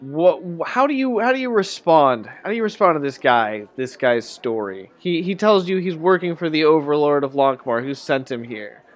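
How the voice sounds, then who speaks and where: A man narrates a tabletop adventure as game master, his voice a touch higher than most. He rambles casually, restarting phrases as he sets each scene. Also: expressive, normal speed, hardly any pauses.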